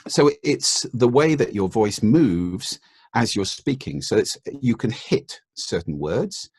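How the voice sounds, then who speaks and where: A man, a guest expert in a podcast interview, explaining in a measured way and demonstrating intonation with his voice. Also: on the low side, very animated, a little mellow, slightly rough, no echo, studio quality.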